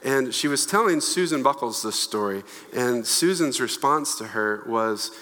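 A man preaching a conversational, lively sermon with a bright, forward tone. His voice carries a long echo from the church hall around him, and he keeps slipping in playful asides. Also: mid-range voice, measured pace. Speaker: pastor.

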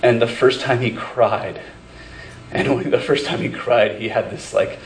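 A man's voice: mid-range voice, unhurried. A male pastor preaches in a roomy church, his voice ringing off the walls over a faint background hum. He talks in a mid-range voice, conversational and searching, full of restarts and fillers as he tells personal stories. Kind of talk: sermon. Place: church sanctuary.

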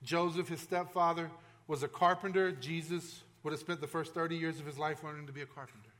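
A man's voice: on the high side, fairly even intonation, fairly quick, a bit bright. A male pastor preaching a sermon in a conversational, emphatic way, with frequent restarts and asides to the congregation.

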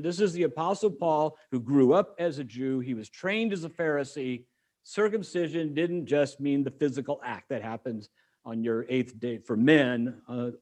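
Male pastor, middle-aged, slightly higher voice, chatty sermon with jokes. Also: darkish tone. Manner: conversational, joking asides to the congregation.

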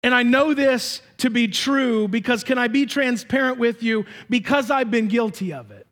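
Very high-voiced man preaching emphatically. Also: normal speed. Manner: emphatic, swings between shouting and hushed asides. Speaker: pastor. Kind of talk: sermon.

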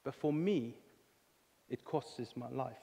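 A man's voice: medium pitch, unhurried, vocal fry, warm tone, long reverb tail, pitched below the performer's own voice. A man voicing a weary male farm pig in a told fable, speaking in a grave, subdued way. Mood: rueful.

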